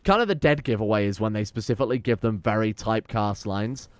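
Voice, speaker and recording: A man's voice: lowish voice, fast talker, dry recording. A man giving sweary, sarcastic let's play commentary while playing a game. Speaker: gameplay commentator.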